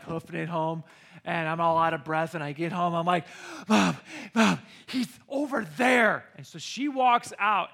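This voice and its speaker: A middle-aged American man preaching a sermon, telling a personal story with animated, excited bursts. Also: fairly high pitch, creaky. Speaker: pastor.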